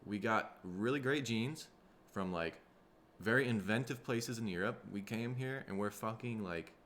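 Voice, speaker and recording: Speaking at normal speed with a slightly bright edge, this somewhat low-voiced Minnesotan podcast host drifts through a relaxed, profane solo monologue. His throat sounds rough and he seems tired, while a faint noise runs under the recording.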